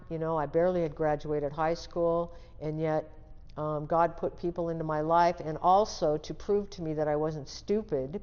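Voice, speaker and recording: A woman's voice: deep voice, a little mellow, long reverb tail, muffled recording. Older woman telling a vivid story. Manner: vivid storyteller who acts out quoted dialogue; restarts and trails off mid-sentence. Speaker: interview guest. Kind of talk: personal storytelling interview.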